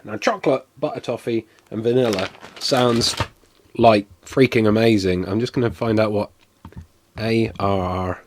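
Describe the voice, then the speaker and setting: A man's voice: medium pitch, breathy edge. A man chatting on a live stream as he tastes and reviews sweets, rambling and poking fun at himself. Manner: chatty and self-deprecating, rambling with fillers. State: coughing, something went down the wrong way.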